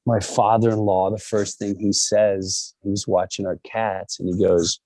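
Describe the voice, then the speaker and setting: A middle-aged man telling a personal story in a candid monologue, animated and emphatic, acting out the voices of people he quotes. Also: on the low side, measured pace, few pauses, no echo.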